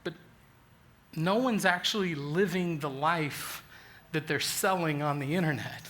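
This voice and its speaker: A man in his forties delivers a sermon with a high, bright and ringing voice. He is an animated storyteller who pokes fun at himself and often restarts his sentences as he works toward his point. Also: a little slow. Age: 40s. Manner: animated, self-deprecating storyteller with frequent restarts. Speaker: pastor.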